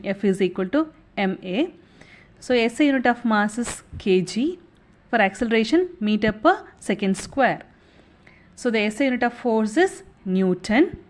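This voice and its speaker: A woman's voice: on the high side, lively intonation, normal speed. A young woman teaching an exam revision lesson, explaining step by step and checking in with a frequent "okay".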